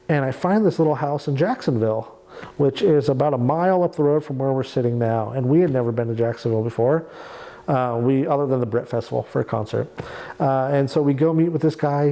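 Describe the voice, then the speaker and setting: A man's voice: mid-range voice, warm tone. A young man from Oregon in an oral history interview, telling his story in a candid, chatty way and acting out quoted dialogue. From Oregon, USA. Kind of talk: casual storytelling. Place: indoors, near a small town.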